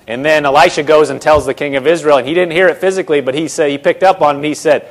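A man preaching a sermon, retelling a scripture story in casual, animated voices. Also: a little high, quick pace, hardly any pauses.

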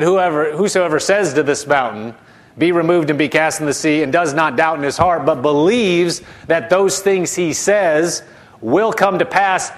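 A man preaching a sermon, emphatic and repetitive, dropping soft and low to model spoken declarations.

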